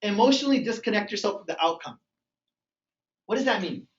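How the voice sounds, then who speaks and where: High-voiced male sales trainer, echoey room. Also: brisk. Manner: energetic, acts out phone calls and dialogues. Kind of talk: motivational training talk. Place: meeting room with a live group. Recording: echoey room, far from mic, dull sound.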